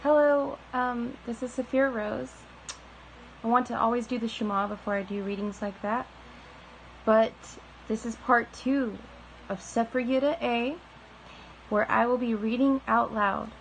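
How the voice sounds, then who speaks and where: A woman reading a religious book aloud in a soft, slow, deliberate way, drawing out key words. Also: fairly high pitch, fairly even intonation, creaky, a little hiss or hum, low-quality recording. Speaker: reader of a spiritual text.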